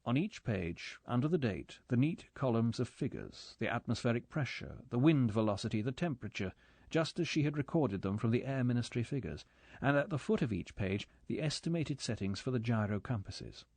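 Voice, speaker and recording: A man narrates a spy thriller audiobook with measured, steady storytelling. His voice sits at an ordinary middle pitch. The recording is close and dry, without any room sound. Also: dry recording. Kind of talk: scripted narration.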